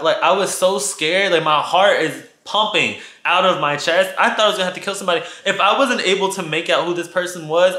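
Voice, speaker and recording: A man recounts a story for his viewers in a casual vlog, swearing freely and building drama as he goes. His voice is bright and tense. The echoey room rings around him. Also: high-pitched, brisk, hardly any pauses. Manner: animated, profane, dramatic storytelling addressing viewers. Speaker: vlogger telling a story. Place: his apartment.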